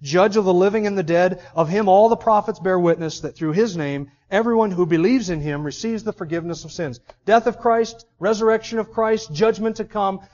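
A male preacher with a high-pitched voice delivers an expository sermon, reading scripture passages aloud and then commenting on them. He talks emphatically, driving home each point. The recording sounds dull and lo-fi. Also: brisk, few pauses, a little mellow.

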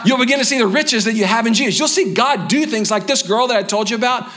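A man preaching a sermon as a pastor, animated and full of humorous asides, then softening into a slow, quiet closing prayer. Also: very high-pitched. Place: church sanctuary.

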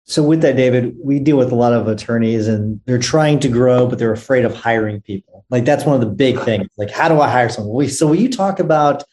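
A man co-hosting a podcast, asking a question in a conversational, slightly halting way. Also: medium pitch, darkish tone. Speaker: podcast co-host. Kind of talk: interview question.

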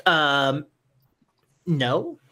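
A game master narrating a tabletop game, often halting and restarting sentences. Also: mid-range voice, sing-song, sharp tone.

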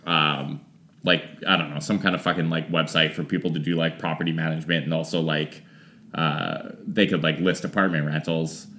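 A man's voice: rumbling low, fairly even intonation, moderate pace, a bit bright, a little hiss or hum. A young man co-hosting a podcast in casual chat, with dry, ironic and crude humor. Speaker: podcast co-host.

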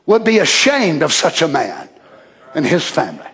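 A man preaching a fiery sermon, often shouting and calling out hallelujah. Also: fairly high pitch, wildly swooping pitch, moderate pace. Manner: shouting, exclaiming hallelujah, acting out quoted voices.

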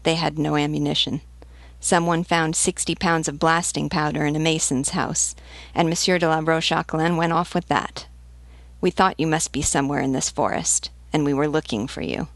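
Dutiful peasant lieutenant in an audiobook, read by a woman, low gravelly voice. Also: fairly even intonation, normal speed, no echo. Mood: earnest. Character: loyal eager male peasant rebel leader.

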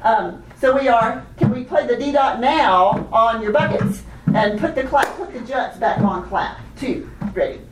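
A woman leading a hands-on children's music workshop, animated and laughing often as she teaches chanted rhythms. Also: fairly high pitch, unhurried, noisy background. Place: workshop room with participants. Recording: echoey room, voice from a distance.

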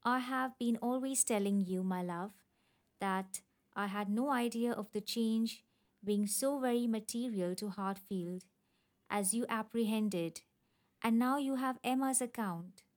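A woman voicing a pleasant, matter-of-fact gentleman in a storybook reading. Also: on the high side, a little slow, natural voice.

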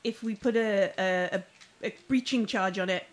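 A woman's voice: mid-range voice, moderate pace, poor audio. A woman narrating a tabletop game as game master, rambling with lots of fillers and restarts.

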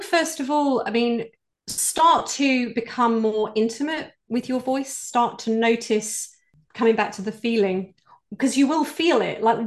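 A British woman, a voice coach, answering interview questions in an earnest, explanatory way. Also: a little high. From United Kingdom. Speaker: executive voice coach, guest.

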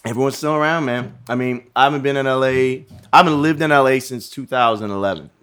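A man's voice: mid-range voice, fast talker, a bit bright, clean tone. A man of forty, a podcast guest, talking in a laid-back way, swearing and saying "you know" a lot. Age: 40s. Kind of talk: casual chat.

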